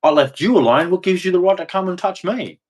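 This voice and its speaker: Talking fast in a high, animated voice, this man delivers a ranting monologue that is emphatic and repetitive. Along the way he curses and performs the voices he quotes.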